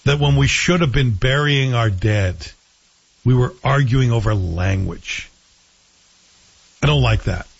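A man hosting a radio talk show, giving animated, indignant commentary full of rhetorical questions. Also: medium pitch, a little slow, creaky, pauses often, breathy edge. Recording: slightly dull radio broadcast audio.

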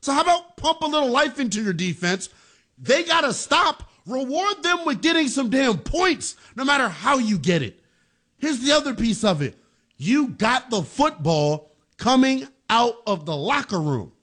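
A man's voice: extremely high pitch, very animated, moderate pace, a bit bright. A man hosting a sports talk show, giving heated, emphatic commentary with casual slang. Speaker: sports radio host.

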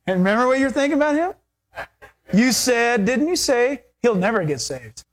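Brief: male pastor, sermon delivery, lively and animated, acts out dialogue. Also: very high voice, moderate pace. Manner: animated, acts out quoted voices with laughter.

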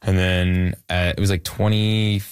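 A man's voice: deep voice, a little slow, clear, resonant tone, dry recording, clean studio sound. A young man in his twenties from Canada, a musician talking casually in a rambling way with lots of fillers. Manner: relaxed, rambling with many fillers. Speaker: musician guest. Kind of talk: casual interview chat.

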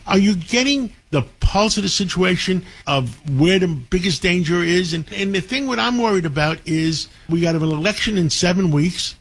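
A man's voice: fairly high pitch, gravelly, slightly rough. A man with a New York accent, hosting a talk radio show in an enthusiastic, rambling way.

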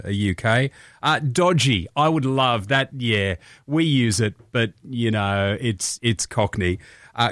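A man's voice: medium pitch, no echo, clean studio sound. Joking male radio host. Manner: chatty and joking, laughs at his own quips. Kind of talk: casual radio chat.

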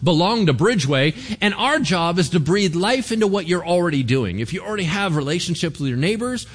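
A man, a pastor, giving a conversational sermon in an animated way and often checking in with the congregation. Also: sits high, fairly quick. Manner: animated, keeps asking the congregation "right?".

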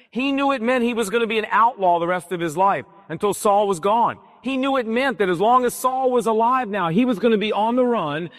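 A male pastor preaching a sermon, telling a Bible story emphatically and dramatically. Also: high voice. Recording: long hall reverb.

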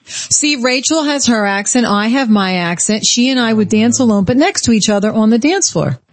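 A woman's voice: on the high side, lively intonation, moderate pace. A woman co-hosting a talk radio show, playful and teasing in her banter. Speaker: radio co-host.

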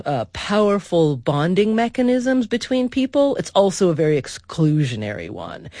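A woman hosting a public radio interview, asking measured, thoughtful questions with a few hesitations. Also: lowish voice, a little mellow, dry recording, studio quality. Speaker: radio talk show host.

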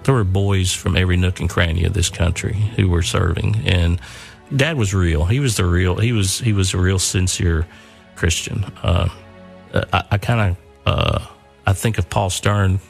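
A man's voice: low-pitched, fairly even intonation, normal speed, gravelly, faint music behind. An older man earnestly telling a personal story, often repeating and restarting his words.

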